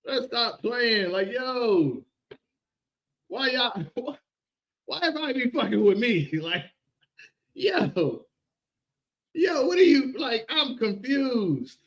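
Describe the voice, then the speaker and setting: A man ranting on a casual livestream, animated and repetitive, often laughing. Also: very high voice, slow pace, long pauses, muffled recording.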